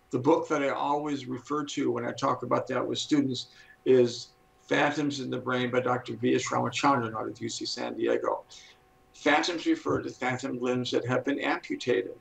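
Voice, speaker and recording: A man in his seventies, a guest speaker on a talk show, explaining in an earnest, teacherly way and slowing down to stress his points. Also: medium pitch, gravelly, fairly bright tone, poor audio. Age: 70s.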